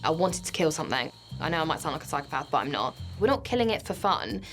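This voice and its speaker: A woman's voice: sits low, very animated, fast talker, over music. Frank, emphatic woman in a confessional interview. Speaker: contestant.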